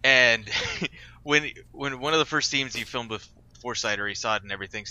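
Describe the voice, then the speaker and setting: A man's voice: mid-range voice, a little fast, pushed and bright. A man co-hosting a podcast, telling stories in a crude, exasperated way. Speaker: podcast co-host. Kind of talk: casual movie-review chat.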